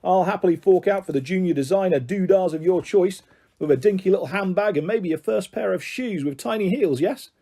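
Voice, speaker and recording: Guy putting on a sneering bully dad, fake-friendly then nasty, raised mellow voice. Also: high-pitched, brisk, voice pushed up. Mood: coaxing. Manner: taunting, mock-jovial then harsh. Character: bullying middle-aged father, menacing and sneering.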